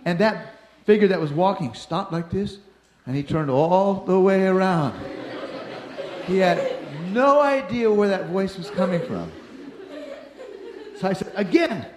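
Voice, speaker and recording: Animated older man telling a story. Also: high voice, unhurried, long pauses, noisy background. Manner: animated, acts out the voices and shouts in his story. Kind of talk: personal anecdote storytelling. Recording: roomy echo.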